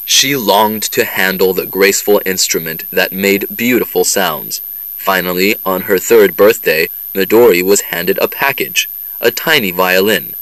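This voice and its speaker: A man reading a story aloud in slow, measured scripted narration for a listening test. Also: deep voice, a bit bright, no echo, rough recording.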